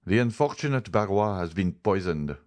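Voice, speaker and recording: A grave male doctor speaks in a low, steady voice, laying out his case with measured insistence, as a male narrator reads him. The voice stays close to the reader's own, deep and unhurried. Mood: grave, insistent. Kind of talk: audiobook character voice.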